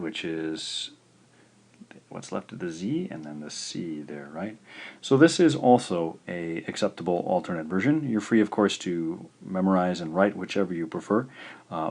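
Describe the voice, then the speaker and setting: A man teaching in a recorded video lesson, patient and slow, saying each syllable out clearly. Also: low voice, a little mellow. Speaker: language teacher.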